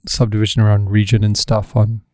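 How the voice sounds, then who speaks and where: A man's voice: on the low side, monotone, a little fast, a little mellow, no room sound, clean studio sound. A man co-hosting a podcast, chatting in a laid-back, matter-of-fact way. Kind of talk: casual chat.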